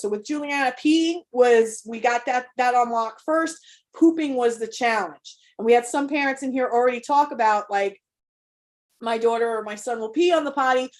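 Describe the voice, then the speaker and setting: A middle-aged woman leading an online workshop, telling a candid, emotional personal story with many restarts. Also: fairly high pitch. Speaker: workshop host, parent coach. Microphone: video call.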